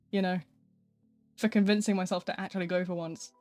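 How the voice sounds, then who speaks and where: A woman's voice: lowish voice, mellow, no echo. A woman streaming live, chatting casually and rambling with frequent laughter.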